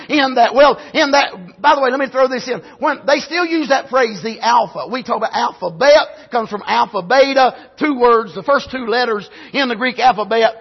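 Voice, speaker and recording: Male preacher, very high and breathy, emphatic amen-punctuated sermon, muffled lo-fi church tape. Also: expressive, normal speed. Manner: emphatic, swings between shouting and low asides, punctuates with amen. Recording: dull lo-fi recording.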